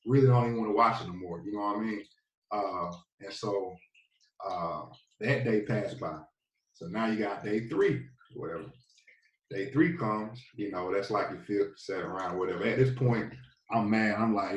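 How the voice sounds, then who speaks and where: A man in his thirties with a Southern US accent, telling his story in a relaxed, rambling way as a podcast guest. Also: lowish voice, moderate pace, muffled recording. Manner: laid-back, rambling, many fillers. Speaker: podcast guest, former football player. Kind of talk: casual storytelling interview. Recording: echoey, a bit distant from the mic.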